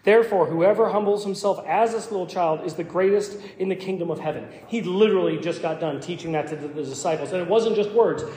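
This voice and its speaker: A man's voice: sits high, quick pace, hardly any pauses, warm tone. A man preaching a sermon as pastor, emphatic and given to repeating words as he starts phrases. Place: church sanctuary. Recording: echoey church hall.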